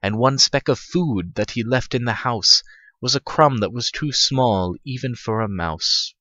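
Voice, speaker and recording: A man with a medium-pitched, animated voice reads a rhyming holiday tale as a profane comic parody at a measured pace, his tone sharp. He stumbles over lines and laughs at himself, and the lo-fi recording is dull and dry.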